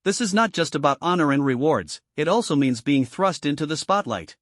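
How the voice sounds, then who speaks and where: A man reads a polite, easygoing young champion in a storybook recap, answering his elders respectfully. The voice is slightly high and lively in pitch, with a dry, close sound. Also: a little fast, no echo, natural voice.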